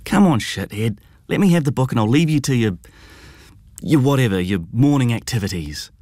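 A man's voice: medium pitch, lively intonation, normal speed, dry recording, clean studio sound, voice pushed up, lightly acted. A man voicing an irritated young man snapping impatiently at his older brother. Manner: sharp, scowling, impatient.

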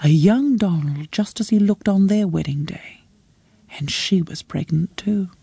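A woman narrating a story in a measured, close storytelling read. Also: lowish voice, creaky, warm tone, breathy edge, no echo. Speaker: audiobook narrator. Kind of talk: scripted narration.

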